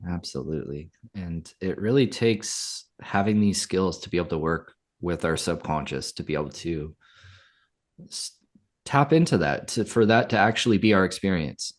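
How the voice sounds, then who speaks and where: Low-voiced, gentle male podcast host. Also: lively intonation, normal speed. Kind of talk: podcast conversation and show manifesto.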